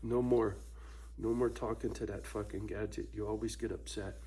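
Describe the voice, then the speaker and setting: A man voicing his small female dog as she scolds him in a low, muttered, nagging way, with a husky voice. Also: steady tone, normal speed, warm tone, close to an everyday voice, poor audio. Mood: scolding.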